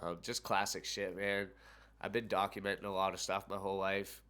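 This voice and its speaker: Excited, swearing young man telling a story. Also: low-pitched, fairly quick, clean tone. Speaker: podcast host telling a personal story. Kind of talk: casual storytelling vlog.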